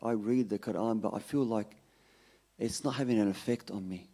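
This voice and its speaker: A man voicing a puzzled, frustrated young boy in a story told during a sermon, in his own low voice. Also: normal speed, mellow, breathy edge.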